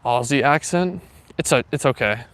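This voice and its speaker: A man's voice: mid-range voice, moderate pace, fairly bright tone. A young man, hosting a live walking stream and chatting casually with viewers in a rambling, filler-heavy way. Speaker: livestream host. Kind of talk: casual live chat while walking, reading viewer comments. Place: outdoors on a walk.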